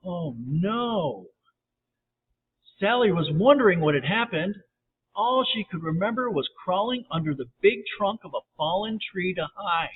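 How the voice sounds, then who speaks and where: High-voiced man reading a bedtime story. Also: moderate pace, slightly rough. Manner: gentle, lively read-aloud voices. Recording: tinny phone-like audio, faint hiss.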